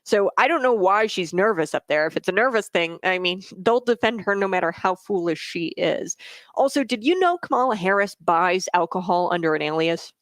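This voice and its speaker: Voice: medium pitch, animated, moderate pace, fairly bright tone, no room sound. A radio talk show host giving opinion commentary, emphatic and repeating points with frequent fillers.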